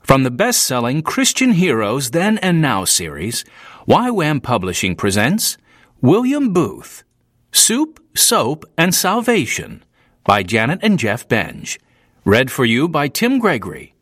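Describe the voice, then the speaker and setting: A male narrator reads an audiobook with clear, even storytelling. His pitch moves in a lively way. The recording is dry and close. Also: slow, no echo.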